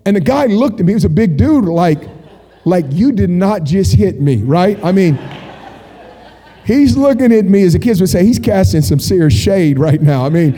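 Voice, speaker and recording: Male preacher, high voice, dark mellow tone, lively storytelling sermon with jokes. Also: normal speed. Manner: animated storytelling, jokey asides. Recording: long hall reverb.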